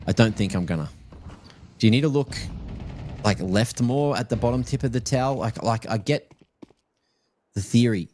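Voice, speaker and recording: A man's voice: medium pitch, normal speed, long pauses, darkish tone, slight background noise. A man casting a live esports match with play-by-play and playful, teasing asides. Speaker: esports caster.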